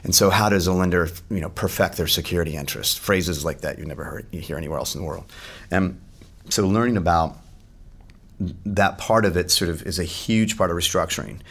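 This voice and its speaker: A man speaking as a podcast guest, telling stories in a relaxed, chatty way, acting out what others said and laughing often. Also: deep voice, brisk, gravelly. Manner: animated, acts out quotes, laughs often. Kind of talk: casual storytelling chat.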